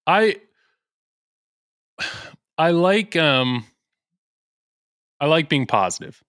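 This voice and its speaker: A man's voice: a little high, animated, very slow, a bit bright, smooth, no echo. Earnest, easygoing man with a dry sound. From American Midwest. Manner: earnest, self-deprecating, laughs easily. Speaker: podcast guest. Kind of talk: casual chat.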